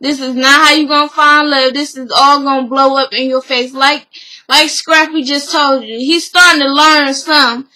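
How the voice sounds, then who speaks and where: A woman's voice: high voice, steady tone, moderate pace, bright, forceful tone, poor audio. Chatty blunt young woman recapping. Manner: chatty, blunt, acts out quotes, swears freely. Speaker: vlogger recapping a TV episode. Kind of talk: casual recap chat.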